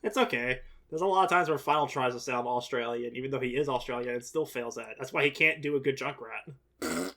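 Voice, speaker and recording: Guy co-hosting a reaction chat, mid pitch, rambles and backpedals a lot. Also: expressive, brisk, bright, forceful tone. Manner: rambling, defensive, restarts sentences. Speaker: reaction channel co-host. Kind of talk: casual chat.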